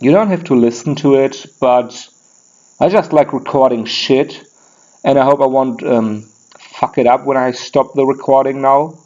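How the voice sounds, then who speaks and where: A man's voice: medium pitch, a little slow, darkish tone, close to an everyday voice. A crude, opinionated German man, put on by a male podcaster, rambles through an unscripted comic rant in a thick put-on German accent. He swears constantly and keeps restarting his sentences. His mid-range voice comes through a dull, lo-fi recording. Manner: profane, rambling, frequent restarts. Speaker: podcast host.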